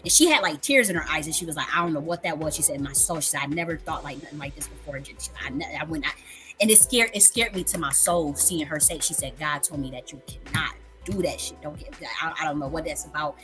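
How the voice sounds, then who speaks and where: A woman's voice: sits low, fast, a bit bright, soft background music. A woman in her thirties hosting a casual livestream, telling a story candidly with frequent profanity and repetition for emphasis. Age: 30s. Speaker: livestream host.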